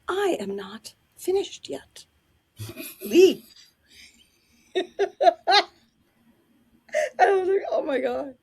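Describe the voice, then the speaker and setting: Husky, high-voiced woman telling stories. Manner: animated, laughing while telling anecdotes. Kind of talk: casual interview storytelling.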